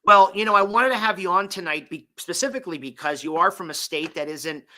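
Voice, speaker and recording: An enthusiastic man hosting a political talk show. His voice is strikingly bright and a little higher than most men's. He speaks conversationally, leading the questions. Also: fairly quick. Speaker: host.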